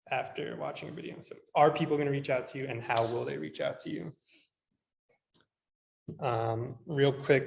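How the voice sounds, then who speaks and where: A young man, a real estate agent, teaching a class in a casual, relaxed way with plenty of ums while walking through a screen demo. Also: medium pitch, vocal fry. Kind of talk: casual instructional talk. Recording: echoey room.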